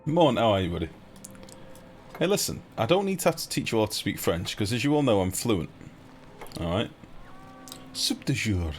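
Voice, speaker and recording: A man's voice: lowish voice, sing-song, brisk, slight background noise. A man live-streaming a game, joking and teasing his chat in playful banter.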